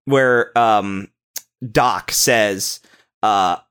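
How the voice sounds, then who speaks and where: A young man co-hosting a casual podcast, talking excitedly about a film, swearing often and restarting his sentences. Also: fairly low pitch, very slow, smooth. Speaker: podcast co-host. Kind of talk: casual movie-review chat.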